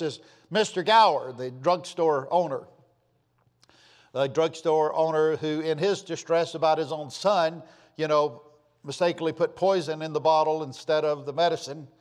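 A man preaching a sermon in an earnest, pleading way, his voice dropping softly at the ends of phrases. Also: a little high, in a large hall.

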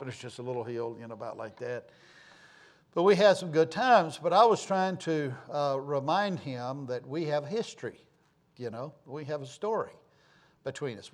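Folksy rambling pastor, a man. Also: fairly high pitch. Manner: rambling, folksy, many fillers and restarts. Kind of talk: informal sermon announcements and storytelling.

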